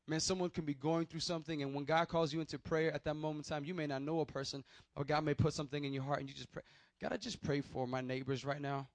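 Young guy preaching, chatty storytelling, fairly high voice, dry close sound. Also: dry recording. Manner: conversational storytelling with restarts and acted quotes. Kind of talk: sermon with personal testimony.

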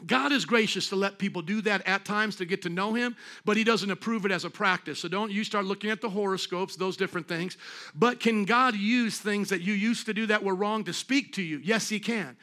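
A man's voice: high voice, fairly quick, bright, forceful tone. A man preaching a sermon at a church service, talking in an emphatic, conversational way and throwing rhetorical questions at the congregation. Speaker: pastor.

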